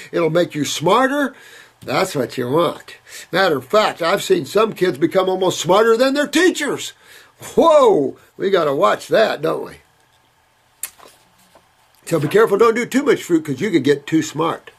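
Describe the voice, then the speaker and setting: A middle-aged man answering viewer questions in an emphatic, folksy, casual way, with playful asides. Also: a little high. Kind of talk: casual advice talk reading viewer letters.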